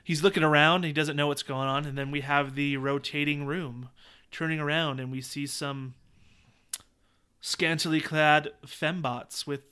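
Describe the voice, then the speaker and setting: A podcast co-host with a fairly high, smooth voice keeps a measured pace. His casual chat is animated and jokey, and he acts out movie lines.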